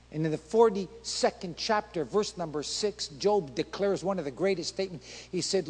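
A man's voice: a little high, normal speed, darkish tone, husky, big-room sound. A male pastor preaching a passionate sermon, acting out prayers and dialogue with rising intensity.

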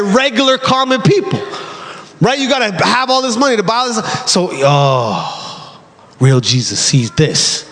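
A man preaching a lively, animated sermon as pastor, shouting at times. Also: very high voice. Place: large church hall. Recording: live church hall with congregation.

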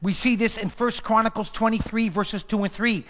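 A man's voice: sits high, steady tone, normal speed, fairly bright tone, long reverb tail. A man pastor preaching a sermon with emphatic repetition, sometimes dropping to a whisper. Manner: emphatic preaching, repeats phrases, drops to whispers.

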